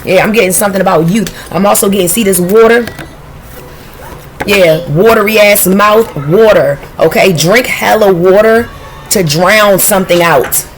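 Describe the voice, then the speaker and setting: A woman giving a casual intuitive tarot reading, blunt and profane, talking in a streetwise, animated way. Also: mid-range voice, normal speed, slight background noise. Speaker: tarot reader.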